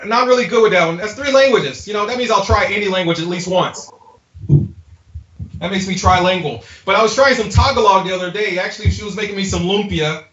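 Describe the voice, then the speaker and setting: A man's voice: high voice, a little fast, fairly bright tone. A man performing a playful, self-mocking stand-up comedy set in a home garage, chatting loosely with a few people around him. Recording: echoey garage, lo-fi live stream audio.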